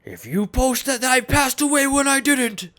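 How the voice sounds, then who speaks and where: A man putting on a voice for a furious balding man of about forty who yells in outrage. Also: sing-song, slow pace. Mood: threatening. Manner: shrill, yelling in outrage.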